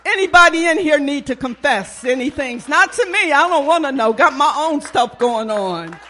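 A man's voice: very high-pitched, animated, moderate pace, sharp tone, a faint crowd, slight background noise. A man preaching a sermon, in an emphatic, repetitive preaching cadence.

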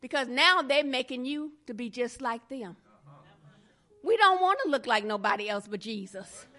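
Woman preacher, high pitch, bright forceful tone, impassioned repetitive sermon. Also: lively intonation, normal speed.

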